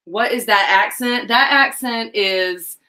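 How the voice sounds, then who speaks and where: A woman's voice: on the high side, slow, pushed and bright, rough recording. A middle-aged woman with a Southern US accent, co-hosting a casual live chat show, talking animatedly and laughing often.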